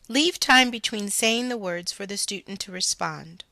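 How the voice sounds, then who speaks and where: A woman reading out a scripted phonics lesson as a reading teacher, slow and deliberate, stressing each sound for the learner. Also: medium pitch, gravelly, bright, forceful tone, no echo.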